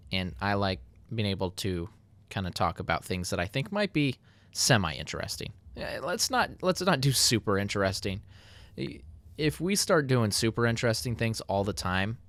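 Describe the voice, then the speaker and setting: A man's voice: lowish voice, fairly bright tone, no room sound. A man casually narrating his building game, chatty and self-mocking. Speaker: Minecraft YouTuber. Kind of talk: casual gameplay commentary.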